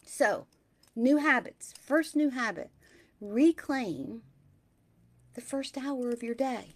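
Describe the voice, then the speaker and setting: A middle-aged woman hosts a motivational spiritual talk. Her voice sits a little high, and she takes her time, unhurried. She speaks gently and sometimes sinks into a soft whisper. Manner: slow, gentle, drops into soft whispers at times.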